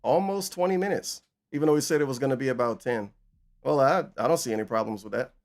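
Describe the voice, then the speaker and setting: A man's voice: medium pitch, quick pace. A man casually commenting over a stream clip with dry, mocking remarks. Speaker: stream reaction host.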